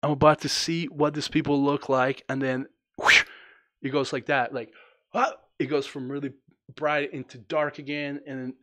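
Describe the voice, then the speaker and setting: A man from Colombia earnestly telling a personal story to camera, rambling with lots of fillers and restarts, dropping soft and low when reflective and lifting when excited. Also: moderate pace, no room sound. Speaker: vlogger.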